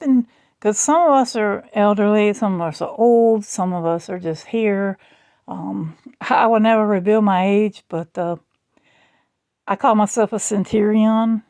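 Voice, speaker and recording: A woman vlogging at home in rambling, chatty talk with a gravelly fry. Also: mid-range voice, mellow, dry recording. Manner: rambling, chatty, slow and drawling. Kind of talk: casual chat.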